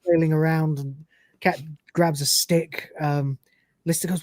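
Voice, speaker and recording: A man's voice: a little high, steady tone, a little slow, a little mellow, no echo, clean studio sound. A man hosting a live show, narrating scenes and reading lines aloud, with fillers. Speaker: podcast host. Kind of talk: live episode recap chat.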